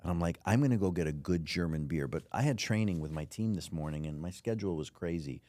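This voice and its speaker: A podcast host with a low-pitched voice leads a casual interview, telling animated stories and acting out the voices. He speaks at a quick pace, and the recording is dry.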